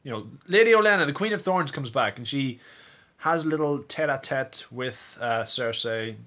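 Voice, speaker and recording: A man's voice: mid-range voice, animated, normal speed, pushed and bright. A man giving a casual, rambling recap of a TV episode, full of fillers and restarts, acting out characters' lines in exaggerated voices. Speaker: TV episode reviewer.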